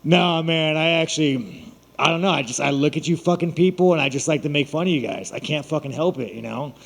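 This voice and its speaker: A man's voice: a little high, a little fast, gravelly, a bit bright. A man, a fighter at a media day, talking bluntly and mockingly to reporters and swearing constantly. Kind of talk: profane, boastful press scrum talk. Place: large room at a media event. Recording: long hall reverb.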